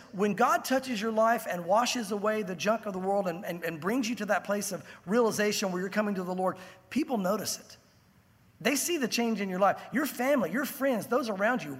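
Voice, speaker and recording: High-voiced husky preacher in reverb. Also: male voice, a little fast. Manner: animated storytelling, acting out voices in the scene. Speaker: pastor. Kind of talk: sermon.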